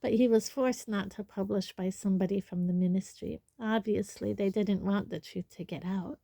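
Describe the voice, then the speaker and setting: A woman reading a storybook, voicing a dreamy, odd teenage girl who speaks slowly and matter-of-factly. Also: mid-range voice, steady tone, creaky, mellow, dry recording, clean studio sound. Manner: matter-of-fact, slow.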